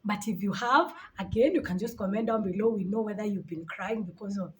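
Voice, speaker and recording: A woman in her late twenties telling stories to camera in a casual vlog, animated and quick to laugh in disbelief. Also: medium pitch, a little hiss or hum. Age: 20s. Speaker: vlogger.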